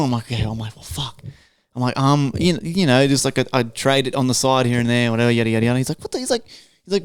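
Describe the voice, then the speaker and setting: A man's voice: mid-range voice, expressive, quick pace, clean tone, no echo, studio quality. A young man co-hosting a podcast, telling a story and acting out other people's lines with plenty of swearing. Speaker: podcast co-host. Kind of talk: casual banter among friends.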